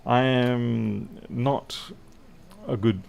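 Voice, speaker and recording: A man's voice: mid-range voice, fairly even intonation, drawn-out words, vocal fry, a little mellow, highs cut off. A middle-aged Australian man with an Australian accent, chatting casually and self-deprecatingly on a repair livestream. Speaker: electronics repair streamer. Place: indoor workshop.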